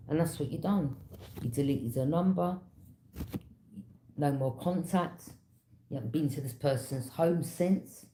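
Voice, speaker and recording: Deep and warm, the tarot reader's voice is unhurried and marked by long pauses. She reads in a casual, storytelling manner that's conversational, knowing and direct, recorded in an echoey room with a little hiss or hum.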